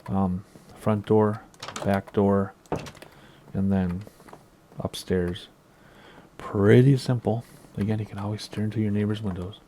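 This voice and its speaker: American male gamer, low and warm, laid-back rambling commentary. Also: a little slow, pauses often, a little hiss or hum. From United States. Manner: relaxed, rambling, many ums and asides. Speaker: Minecraft video creator. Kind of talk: casual gameplay tour commentary.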